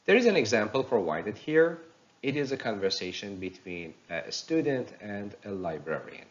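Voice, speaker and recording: Man, pronunciation teacher, recorded lecture, lively intonation, dull lo-fi sound. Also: on the low side. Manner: slow and explanatory, reading examples aloud.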